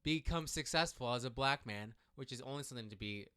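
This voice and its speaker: A man co-hosting a casual political chat podcast, talking in an animated way and restarting his sentences often. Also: mid-range voice, brisk, clean tone. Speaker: podcast co-host.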